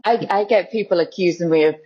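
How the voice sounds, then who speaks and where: A woman's voice: on the low side, fast talker, husky, lo-fi sound. A woman guest talking casually in an interview, chatty and laughing often. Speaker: guest, lookalike model.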